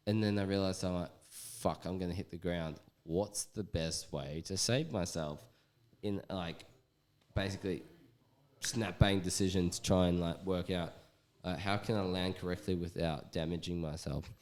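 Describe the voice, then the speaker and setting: A man's voice: deep voice, darkish tone. A man telling a story in a casual, rambling way, swearing often and using lots of fillers.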